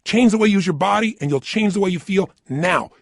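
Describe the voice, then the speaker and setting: A middle-aged man giving an energetic, emphatic motivational talk into a studio microphone, swinging between loud bursts and soft asides. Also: sits high, brisk, creaky, no room sound. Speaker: motivational speaker.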